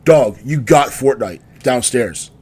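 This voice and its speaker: A man's voice: medium pitch, lively intonation, slow pace, a little mellow, slightly rough. A man co-hosting a podcast in casual chat, telling loose, rambling stories. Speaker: podcast co-host.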